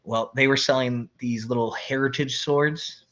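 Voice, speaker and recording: A man's voice: mid-range voice, a little slow, dull audio. A man, an army veteran, casually telling stories about an old roommate, laughing often and acting out his friend's lines. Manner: relaxed, laughs often, imitates friends mid-story. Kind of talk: casual podcast storytelling.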